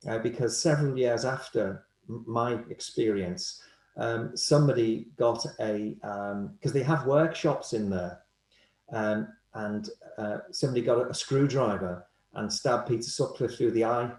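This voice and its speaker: A man's voice: mid-range voice, unhurried. Man telling stories, echoey room. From Liverpool, England. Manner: animated storyteller, acts out quoted voices. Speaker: guest, hypnotherapist. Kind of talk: anecdotal interview storytelling.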